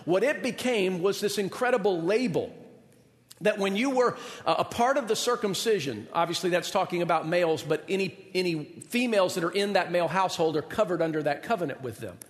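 A man preaching a sermon as pastor, telling a story in an animated way and acting out the people in it. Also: sits high, a little fast, big-room sound.

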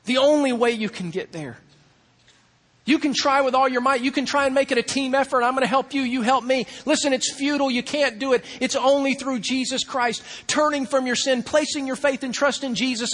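A male pastor preaching in a fairly high voice. He drops to a hush, then climbs back to loud, urgent lines. A long hall reverb trails behind his words. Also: brisk. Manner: preaching with big swings from hushed to loud. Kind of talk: sermon.

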